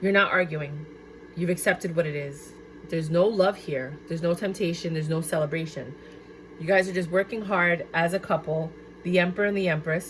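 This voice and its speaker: Woman tarot reader, casual and chatty, excitable and exclamatory. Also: on the low side, a little hiss or hum. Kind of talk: casual tarot card reading.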